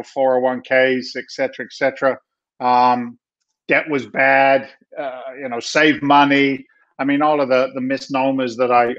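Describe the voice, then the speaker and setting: Speaking at a medium pitch, this middle-aged man from England is a guest in a relaxed interview. He recounts his story with lively chattiness, frequent laughter and plenty of restarts, all captured on dull, lo-fi audio.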